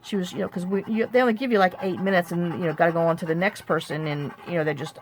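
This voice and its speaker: A woman's voice: lowish voice, fairly even intonation, fast talker, hardly any pauses, a little hiss or hum. A woman chatting casually at her craft table, venting in frustration and restarting often. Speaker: journaling crafter. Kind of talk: casual rambling chat.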